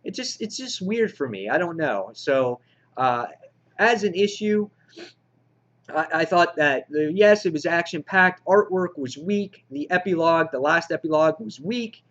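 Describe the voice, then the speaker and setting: Male comic reviewer, casual rambling chat, higher voice, lo-fi home sound. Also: expressive, unhurried, a bit bright. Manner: rambling, frustrated, many fillers.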